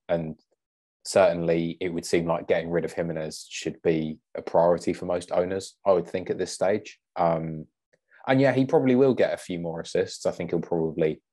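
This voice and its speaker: A man as a guest on a casual podcast, measured and thinking aloud. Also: low-pitched, a little mellow.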